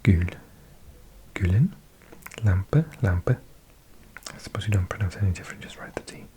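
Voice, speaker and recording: A man's voice: deep voice, flat delivery, racing, a little mellow. A man hosting his channel in a whispered ASMR style, musing to himself and repeating practice words aloud. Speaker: channel host.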